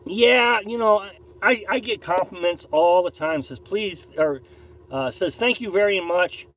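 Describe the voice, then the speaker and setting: The Missouri host's voice is high-pitched and fairly bright, and he keeps a measured pace while he reads viewer comments on his casual live stream. He broadcasts from his camper on a beach campsite, rambling, opinionated, and prone to repeats and restarts. Audio is poor.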